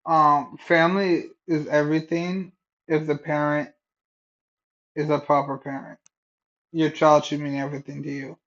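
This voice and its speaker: A man streaming live, reacting in a heated, profane rant that keeps bursting into shouting. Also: fairly high pitch, little pitch movement, moderate pace, pauses often, lo-fi sound.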